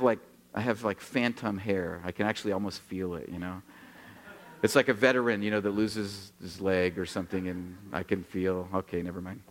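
A man in his sixties from Oregon preaching a sermon, telling stories with acted-out dialogue and joking with the congregation. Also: lowish voice. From Oregon, USA. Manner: animated storytelling, acts out dialogue, jokes with the congregation. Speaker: pastor.

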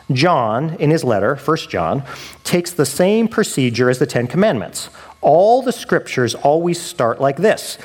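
Lively, conversational male preacher. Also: a little high. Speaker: pastor. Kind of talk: sermon.

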